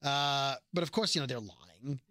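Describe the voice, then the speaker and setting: A man co-hosting a podcast and recapping a TV episode in casual chat, animated and quick to slip into character voices when he quotes. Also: medium pitch, dry recording.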